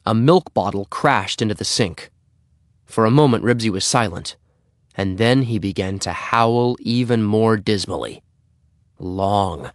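A man reading a children's story aloud in an expressive way. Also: lowish voice, no room sound, clean studio sound. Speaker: narrator.

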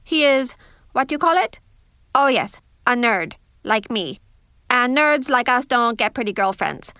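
A woman's voice: fairly high pitch, lively intonation, a little slow, pushed and bright, no room sound, clean studio sound, heavily acted. A woman voicing a shy young male college student who speaks in a formal, apologetic way.

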